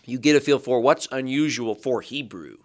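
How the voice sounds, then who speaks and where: A man's voice: medium pitch, moderate pace. A man who teaches Hebrew, a guest on a podcast, explaining his ideas thoughtfully and building them up step by step. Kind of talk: explanatory interview talk.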